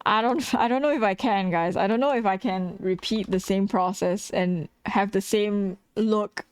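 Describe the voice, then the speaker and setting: Drawing on stream, a worn-out woman keeps up casual chat, laughing often, cursing, and poking fun at herself. She speaks unhurriedly with few pauses in a smooth, mid-range voice, and the recording is dry.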